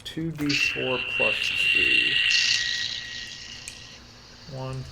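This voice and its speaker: A man running a tabletop game as game master, counting dice out loud and often correcting himself mid-sentence. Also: medium pitch, very slow, vocal fry, very noisy.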